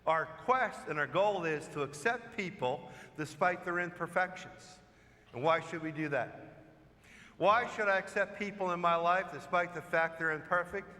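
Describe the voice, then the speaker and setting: Priest giving a homily, man with a high, bright voice, chatty storyteller, long echo of a church. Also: moderate pace. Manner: storytelling, conversational preaching with rhetorical questions. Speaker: parish priest. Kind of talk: sermon.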